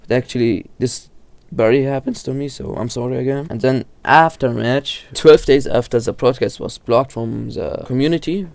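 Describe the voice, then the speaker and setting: In a dry recording, a man with a creaky, slightly mellow mid-range voice talks at normal speed. He chats informally about horror lore, frequently stumbling and restarting, correcting himself, and packing his speech with fillers.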